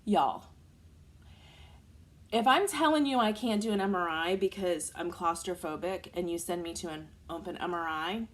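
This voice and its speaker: Chatty woman in her forties, lower voice. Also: normal speed. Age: 40s. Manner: chatty, animated retelling. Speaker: vlogger. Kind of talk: chatty storytelling vlog.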